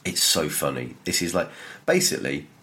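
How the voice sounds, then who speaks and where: A young man co-hosting a podcast in casual chat, telling a story with animated, mocking energy. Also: rumbling low, normal speed. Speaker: podcast co-host.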